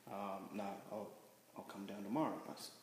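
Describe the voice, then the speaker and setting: A man being interviewed as a guest, telling a personal story candidly, halting and restarting with many fillers. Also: fairly low pitch, steady tone, a little mellow. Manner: halting, frequent restarts and "you know" fillers. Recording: roomy reverberant room with faint noise.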